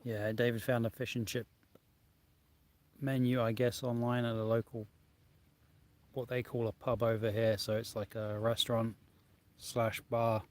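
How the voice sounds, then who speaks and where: A man's voice: mid-range voice, flat delivery, unhurried, long pauses, darkish tone. Chatty man streaming outdoors by a lake. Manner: chatty, reads out viewer comments. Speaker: vlog host. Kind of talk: casual live-stream chat.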